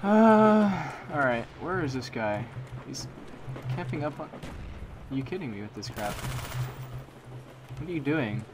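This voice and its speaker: A man's voice: on the high side, animated, unhurried, pauses often, highs cut off, noisy background. A young man giving live commentary over a shooter game, swinging between muttered complaints and sudden frustrated outbursts at enemy campers. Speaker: gameplay commentator. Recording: game gunfire behind voice. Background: loud shooter game sounds, gunfire.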